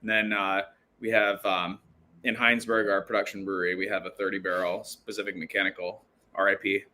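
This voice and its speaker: A man's voice: low-pitched, little pitch movement, a little fast, pushed and bright. A man guest on a podcast, talking in a laid-back, joking way with lots of fillers. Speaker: brewery guest. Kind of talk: casual podcast chat.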